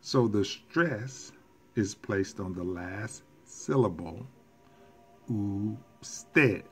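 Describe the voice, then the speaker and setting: A man teaching a recorded language lesson, explaining rules deliberately with casual asides and self-corrections. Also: on the low side, soft background music. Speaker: Spanish teacher.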